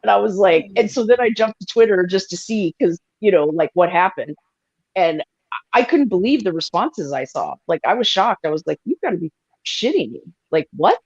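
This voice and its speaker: A woman co-hosting a casual sports chat, rambling and animated, swearing freely and filling with "like". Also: mid-range voice, normal speed, dry recording, highs cut off. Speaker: podcast co-host.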